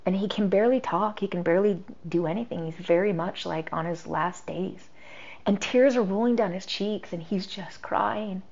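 A woman's voice: medium pitch, normal speed, creaky, a little mellow. A middle-aged woman, a podcast guest, telling a personal story in a chatty way, full of "like" and quoted dialogue. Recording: dull lo-fi sound.

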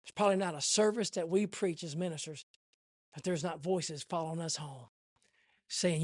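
A man preaching a sermon in an impassioned, repetitive way that swells toward near shouting. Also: fairly high pitch, normal speed, dry recording, clean studio sound.

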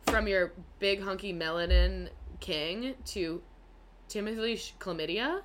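A young woman co-hosting a podcast in casual chat, brash and loud, swearing freely and gossiping. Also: mid-range voice, measured pace, noisy background. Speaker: podcast co-host.

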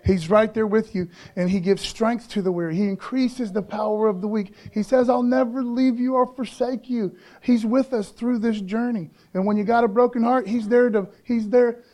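A man's voice: high-pitched, steady tone, moderate pace, hardly any pauses, mellow. A male pastor preaching a sermon in a loose, conversational way, tossing in "man" and "okay?" between his points.

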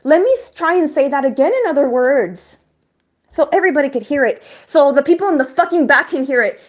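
A woman host delivering an energetic, profane, rambling monologue. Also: sits high, a little fast, dull audio. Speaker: podcast host.

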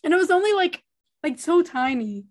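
A young woman with a high voice, chatting casually in an animated way. She says "like" often and reacts quickly to what she hears. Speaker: podcast co-host. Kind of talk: casual chat.

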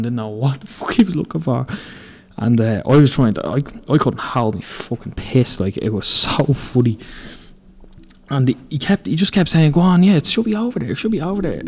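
Rambling, profane building-site stories come from a young Irish man in his twenties who hosts a podcast. His voice is medium-pitched and a little mellow, and he keeps laughing through the casual storytelling.

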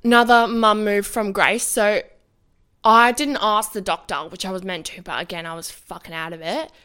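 A woman's voice: mid-range voice, steady tone, moderate pace, a bit bright, clear, resonant tone. A young woman co-hosting a podcast, telling a story in casual chat, swearing freely and saying "like" a lot. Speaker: podcast co-host.

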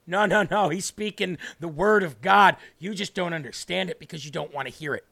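A man with a notably high voice preaches on a livestream. He teaches the Bible in an earnest, emphatic way and slows right down to read scripture. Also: vocal fry, sharp tone. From northern United States. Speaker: host and preacher.

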